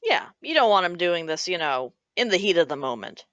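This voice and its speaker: A woman plays a tabletop role-playing game in a casual, easygoing way. Her voice sits a little low. The sound is close and dry. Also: very animated, a little fast, fairly bright tone, no echo, highs cut off. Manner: casual, laughing between lines. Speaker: player.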